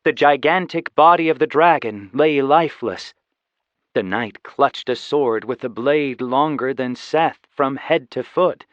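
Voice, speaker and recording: A man narrating a fantasy audiobook in a steady, even storytelling voice. The recording is dry, with a slightly dull, muffled tone. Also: mid-range voice, a little slow, no echo. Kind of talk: scripted narration.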